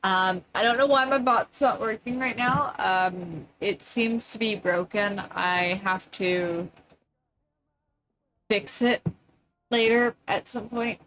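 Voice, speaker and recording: A woman's voice: mid-range voice, slow pace, a bit bright, slight background noise. A woman chatting casually on a live stream, distracted and muttering curses as her tech acts up.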